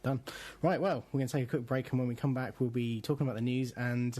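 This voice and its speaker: A man's voice: medium pitch, fairly even intonation, fast talker, dark tone. A man co-hosting a casual podcast, rambling with lots of fillers and restarts. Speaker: podcast co-host.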